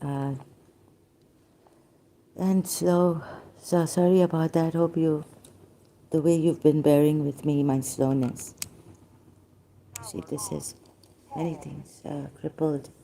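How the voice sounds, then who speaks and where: A woman, hoarse from losing her voice, talking haltingly with many pauses and fillers in a personal video monologue. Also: deep voice, flat delivery, warm tone, a little hiss or hum.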